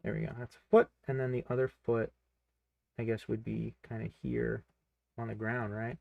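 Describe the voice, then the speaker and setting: A man's voice: medium pitch, flat delivery, normal speed, vocal fry, no echo, phone-quality sound. A young man, a cartoonist, chatting casually and rambling with self-mocking jokes while he draws on a live stream. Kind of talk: casual chat while drawing.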